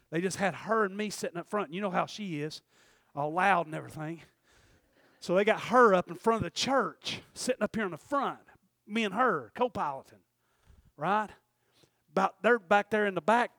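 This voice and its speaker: A man preaching a sermon, telling a folksy story and building to loud, fervent exhortation. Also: high-pitched, vocal fry, no room sound. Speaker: pastor.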